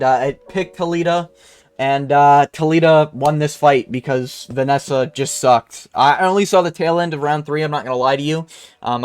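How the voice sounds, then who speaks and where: Reviewing fight results, a young MMA commentator from Canada launches into a crude, rambling, profane rant packed with fillers. He speaks at a medium pitch with a clear, resonant tone and no room sound.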